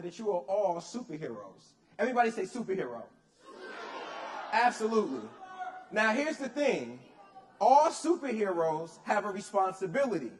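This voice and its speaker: High voiced guy hyping up a youth conference, motivational speech, makes the crowd repeat stuff back. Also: rough recording. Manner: energetic, rousing, asks audience to repeat. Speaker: motivational speaker. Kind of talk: motivational speech with call-and-response. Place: conference stage.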